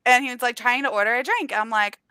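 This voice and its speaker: A young woman on a video call, chatting casually and telling animated stories, acting out the people in them. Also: a little high, fast. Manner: lively storyteller, acts out customers. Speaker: booktuber guest. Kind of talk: casual chat on a live stream.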